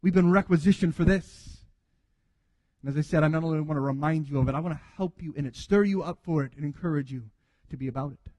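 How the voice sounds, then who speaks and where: A man's voice: a little high, quick pace, warm tone, big-room sound. A man preaching a sermon earnestly, acting out quoted dialogue as he goes. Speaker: pastor.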